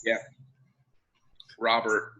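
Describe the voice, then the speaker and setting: A man's voice: very slow, pushed and bright, highs cut off. A man in his fifties with an Australian accent, chatting as a guest over a video call in a reflective, rambling way with dry humor. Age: 50s. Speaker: guest, singer-songwriter. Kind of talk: casual interview chat.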